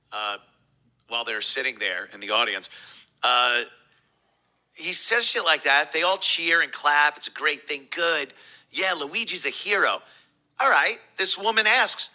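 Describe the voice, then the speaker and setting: Guy doing a fired-up reaction rant, cussing a lot, bright edgy tone. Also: on the high side, measured pace, low-quality recording. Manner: heated, profane, mocking. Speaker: commentator.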